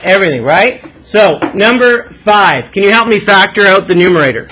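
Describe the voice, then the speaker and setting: In a rough recording, a male math teacher leads his class through a lesson, pushing students with questions and asking them to reason aloud. His voice is bright and high for a man, expressive and slightly rough, at a moderate pace.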